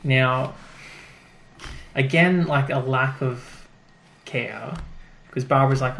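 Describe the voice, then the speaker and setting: A man's voice: mid-range voice, takes it slowly, vocal fry, fairly bright tone, a little hiss or hum. A man co-hosting a podcast, casually recapping an episode and acting out the characters' lines as he retells it. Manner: chatty, acts out characters' lines while retelling. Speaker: podcast co-host.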